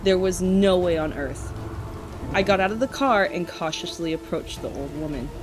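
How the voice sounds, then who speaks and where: A woman's voice: lowish voice, lively intonation, moderate pace, over music, low-quality recording. A woman co-hosting a podcast, reading a spooky campfire story aloud in a casual way and often breaking into giggles.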